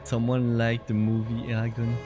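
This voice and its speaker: A man live-streams a video game in a loose, chatty way, answering viewers and laughing often. His voice sits at an ordinary middle pitch. Faint music plays behind him. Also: monotone, normal speed. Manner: chatty, laughs often, reads chat aloud.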